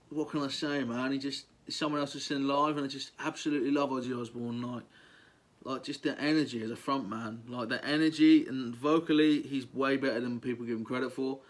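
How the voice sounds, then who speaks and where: A young man, talking casually and enthusiastically as a vlogger, gushing through a countdown with lots of ums and likes. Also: medium pitch.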